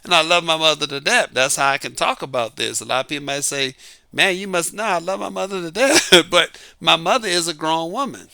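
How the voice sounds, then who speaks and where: A man's voice: a little high, lively intonation, brisk, vocal fry, sharp tone, smooth, no room sound. A middle-aged man talking casually about dating, emphatic and full of rhetorical questions. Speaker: dating advice talker. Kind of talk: casual monologue.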